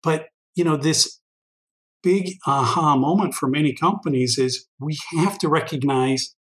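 A man's voice: a little high, measured pace, rough recording. A man answering interview questions at length in a thoughtful, conversational way, with frequent restarts and fillers. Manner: thoughtful, long-winded, many restarts and fillers. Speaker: guest expert on workforce intelligence.

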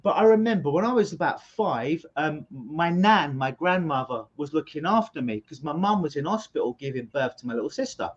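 A middle-aged hypnotist being interviewed over a video call, explaining his work as an energetic storyteller who often repeats words at the start of sentences. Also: on the high side, brisk, hardly any pauses, lo-fi sound. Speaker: hypnotist guest.

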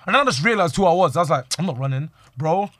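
A man's voice: a little high, lively intonation, very fast, a bit bright, no room sound, clean studio sound. A young man, animatedly telling a street story to friends and acting out the quotes. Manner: slangy, acts out quoted lines.

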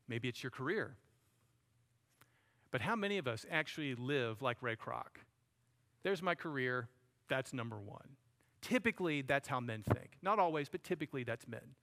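A man's voice: mid-range voice, animated, normal speed, fairly bright tone. A man preaching a sermon, talking to the congregation in a conversational way and calling them buddy and friends. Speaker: pastor.

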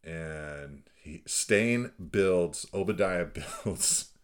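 A man's voice: low-pitched, extremely slow, smooth. A man co-hosting a father-daughter podcast, recapping a film in a rambling casual way with frequent laughs. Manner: rambling, laughs often, fillers.

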